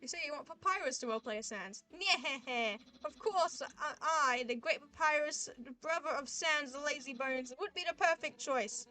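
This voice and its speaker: Reading a visual novel aloud on stream, a woman performs a cheerful, boastful male skeleton who is earnest and grand, making eager, proud declarations in lofty, formal phrasing. Her high, bright, sharp voice moves at normal speed with hardly any pauses, and faint music sits behind it.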